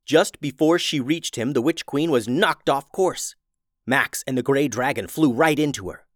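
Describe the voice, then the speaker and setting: Male storyteller, mid-pitched, expressive read, dry close recording. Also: normal speed, no room sound. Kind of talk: children's storybook narration.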